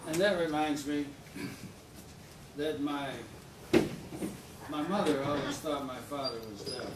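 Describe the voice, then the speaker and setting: A man giving a humorous prepared speech to a club audience, with a slow, deliberate comic delivery that pauses for laughs. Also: fairly high pitch. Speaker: speaker at a public speaking club. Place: meeting room with a live audience. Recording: echoey room, distant mic, background noise.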